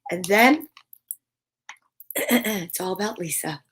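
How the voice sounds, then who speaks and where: A middle-aged woman hosting a live show for children, bubbly and playful, reading names from the chat and chatting warmly. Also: mid-range voice, lively intonation, slow, background noise. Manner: bubbly, playful, sing-song. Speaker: children's livestream host.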